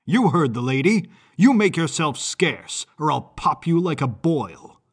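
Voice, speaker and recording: Man doing a furious brutish strong man, loud bellowing threats, husky slow voice, storybook reading. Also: a little high, big pitch swings, exaggerated voice. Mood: bellowing rage.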